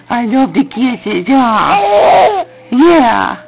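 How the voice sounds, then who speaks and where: A woman's voice: a little high, very animated, takes it slowly, music in the background, rough recording. A mother talking to her baby in a home video, with coaxing, sing-song baby talk.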